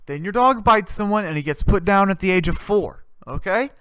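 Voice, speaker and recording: A man's voice: high voice, animated, brisk, fairly bright tone, smooth, no room sound. Male comedy podcast host, sarcastic profane ranter, clean resonant voice, dry close mic. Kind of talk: casual comedic rant.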